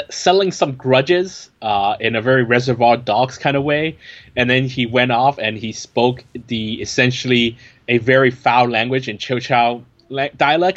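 A man's voice: mid-range voice, fairly bright tone. A man reviewing a film in casual chat, wry and chatty with many fillers. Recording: dull lo-fi recording.

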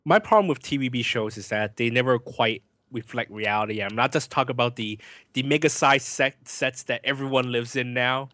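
Guy on a podcast ranting about tv, mid-pitch voice, dry close sound. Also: brisk, no room sound. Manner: opinionated ranting, animated. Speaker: podcast co-host and film reviewer. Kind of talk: casual podcast chat.

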